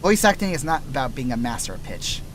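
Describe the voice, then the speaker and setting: Speaking at a quick clip in a medium-pitched, very animated voice, this man chats rambling-style during a gameplay stream. He keeps losing his thread and restarting, and his dry, scratchy throat comes through as he breezily teaches voice-acting tricks.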